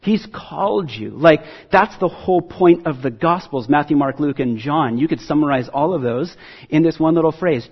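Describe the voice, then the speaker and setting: A man's voice: fairly high pitch, moderate pace, slightly rough, highs cut off. A man preaching a sermon to his congregation, earnest and conversational, with self-deprecating asides. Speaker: pastor.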